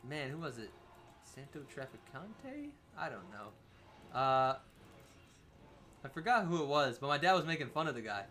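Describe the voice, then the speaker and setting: A man's voice: medium pitch, moderate pace, long pauses. A young man co-hosting a game livestream, chatting loosely and swearing freely as he plays. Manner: loose, animated, swears freely, laughs often. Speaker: livestream co-host. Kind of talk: casual chat while playing a video game.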